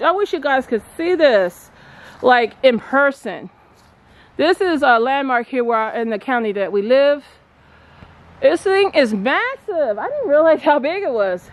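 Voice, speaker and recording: Excitable high-voiced woman vlogging outdoors. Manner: chatty, excitable, addresses viewers as guys. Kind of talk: casual vlog narration. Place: outdoors at a historic stone furnace.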